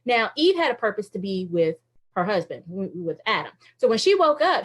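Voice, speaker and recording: Brief: high-pitched woman, lively faith talk to viewers, laughs often, acts out quoted thoughts. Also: normal speed. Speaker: Christian women's ministry speaker.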